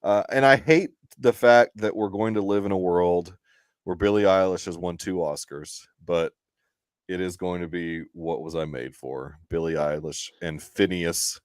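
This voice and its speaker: A man guesting on a movie podcast, talking casually and haltingly with many fillers. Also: deep voice, clean tone, dry recording, clean studio sound. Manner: rambling, hesitant, lots of fillers. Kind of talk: casual chat.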